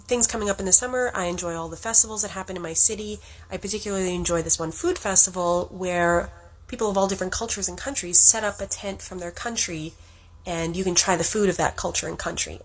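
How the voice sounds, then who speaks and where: A woman's voice: fairly low pitch, slight background noise, rough recording. A woman from Canada, a former financial advisor, telling a story in earnest detail. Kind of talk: casual storytelling clip.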